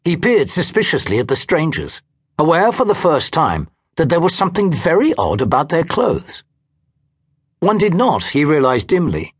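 A man's voice: a little high, husky. A man narrating an audiobook with a dry storytelling manner.

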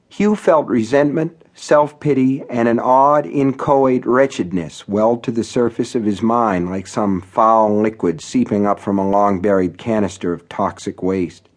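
A man's voice: fairly low pitch, unhurried, few pauses. Man narrating a horror audiobook wryly. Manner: wry, conversational storytelling. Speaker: author reading his own novel.

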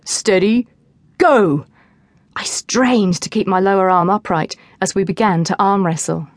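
A woman narrating a teen novel in the first person, in a lively storytelling manner, close to the mic. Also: medium pitch, normal speed, no echo. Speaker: audiobook narrator.

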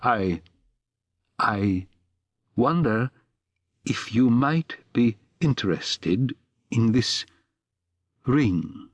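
A man voicing a strange, hesitant man from afar who speaks in a halting, careful way. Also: medium pitch, big pitch swings, dry recording, voice pushed up. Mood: nervous.

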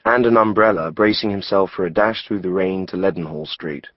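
Low-voiced male audiobook narrator. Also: no echo, dull audio. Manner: wry, measured storytelling. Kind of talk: scripted narration.

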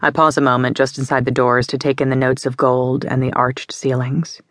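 A woman narrating a contemporary romance audiobook in the first person, with measured, intimate storytelling. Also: rumbling low, flat delivery, fairly bright tone, no echo, studio quality.

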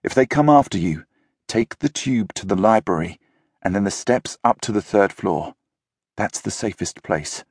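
A man's voice: on the low side, expressive, moderate pace, a little mellow, husky, no room sound, studio quality. A man voicing an earnest, protective young male leader in an audiobook, speaking urgently.

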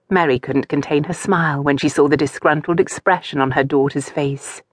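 A woman reads a romance novel aloud in a calm, even storytelling manner. Her voice sits low, and the studio recording is dry and close. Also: moderate pace, hardly any pauses, no echo. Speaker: audiobook narrator. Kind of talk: scripted narration.

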